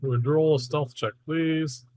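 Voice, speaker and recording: A man running a tabletop game as game master, narrating in a relaxed, matter-of-fact way with small asides. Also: on the high side, takes it slowly, no echo.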